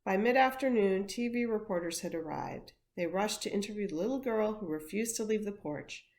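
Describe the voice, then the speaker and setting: A woman, an education coordinator, reading a picture book aloud with expressive storytelling. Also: medium pitch, normal speed.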